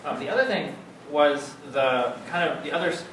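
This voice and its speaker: Male guest lecturer, halting academic delivery, distant mic in a reverberant hall with noise. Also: fairly high pitch, fairly bright tone. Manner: halting, many fillers and restarts.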